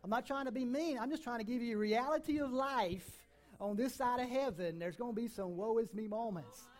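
A middle-aged man preaching a sermon as a pastor, emphatic, with sudden swings between loud and soft. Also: extremely high pitch, fairly quick.

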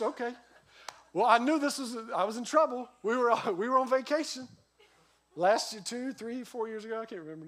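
High-voiced man preaching a sermon. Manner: lively storytelling, voice rising and dropping sharply. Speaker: pastor.

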